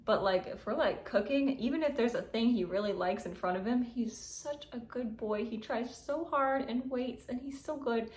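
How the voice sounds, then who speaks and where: A woman's voice: on the high side, moderate pace, few pauses, a little mellow. A woman chatting casually to camera about her cat, gushing and giggling, with lots of "like". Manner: gushing, frequent likes and giggles. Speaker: cat owner vlogger. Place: at home indoors. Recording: roomy echoey room.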